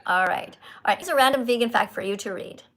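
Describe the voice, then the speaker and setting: A woman hosts a casual livestream and chats straight to her viewers. She talks in an animated, teacherly, playful way, and her voice sits a little high. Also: quick pace. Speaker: livestream host. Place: Italy.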